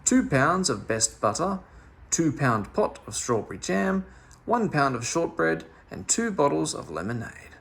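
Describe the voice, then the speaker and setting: A man's voice: on the high side, very animated, a little slow, creaky, a bit bright, heavily acted. A man voicing a muddled, well-meaning male busybody in a storybook read-aloud, fussy and self-assured. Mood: pleased, bumbling.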